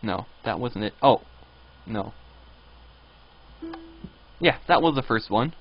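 A man's voice: mid-range voice, expressive, slow, faint music behind. A man streaming a video game live, rambling and reading signs and chat messages aloud. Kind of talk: live gameplay commentary. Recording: dull lo-fi stream audio.

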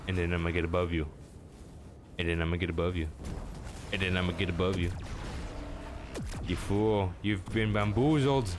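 A man's voice: low-pitched, fairly even intonation, normal speed, long pauses, background noise. A young man commentating his own video game match at home, self-mocking and talking to his opponents. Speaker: gaming channel host.

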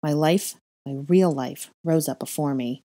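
A woman reading a story aloud in measured, unhurried first-person narration. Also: sits low, dark tone, no room sound, studio quality. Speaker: fanfiction reader.

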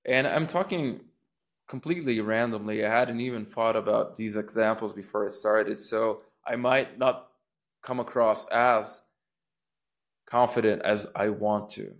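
This is casual instructional talk from a man teaching public speaking, who thinks out loud, starts over at times, and models rising and falling intonation on sample phrases. He has a lowish voice with a steady tone and speaks a little slowly.

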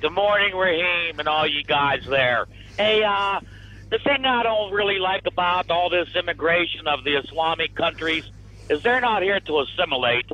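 Blunt caller on a dull line. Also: male voice, high voice, expressive, normal speed, sharp tone. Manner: blunt, indignant. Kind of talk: call-in opinion.

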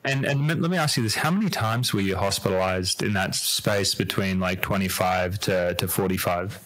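A man's voice: low-pitched, moderate pace, fairly bright tone, dry recording, poor audio. A man interviewing his guest as a doctor, affirming what she says and asking probing questions. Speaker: interviewer, physician. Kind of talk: conversational interview.

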